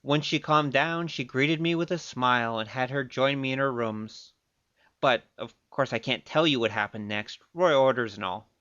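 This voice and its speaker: An actor playing a cocky young male thief who speaks in a wry, playful, quick-witted way, narrating his tale in a radio play. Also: mid-range voice, pushed and bright, no echo, muffled recording, close to an everyday voice. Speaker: narrator and lead.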